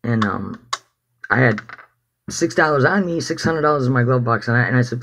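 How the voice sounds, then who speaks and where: A man's voice: medium pitch, brisk, fairly bright tone. A man telling a personal story as testimony in a rambling, casual way, swearing freely. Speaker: activist giving testimony.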